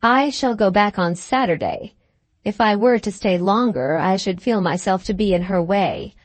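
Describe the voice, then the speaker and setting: A woman reading an earnest gentleman. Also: medium pitch, normal speed, no echo, close to an everyday voice. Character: gruff but kind gentleman, self-mocking.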